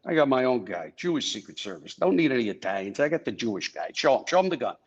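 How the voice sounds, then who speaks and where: A man's voice: medium pitch, very animated, quick pace, slightly rough, muffled recording. A man putting on a brash, wisecracking older male comedian who teases and needles. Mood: needling. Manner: teasing, needling.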